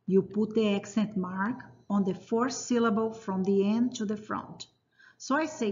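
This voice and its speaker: Slow, patient woman teaching Spanish grammar. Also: medium pitch. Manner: slow, patient explaining, drills word lists. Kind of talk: recorded grammar lesson. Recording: dull lo-fi sound.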